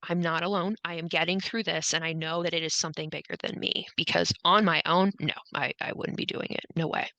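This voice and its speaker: A woman's voice: lowish voice, steady tone, brisk, few pauses, sharp tone, dry recording, highs cut off. A young adult woman being interviewed as a podcast guest, speaking candidly and emphatically. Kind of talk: candid conversational podcast chat.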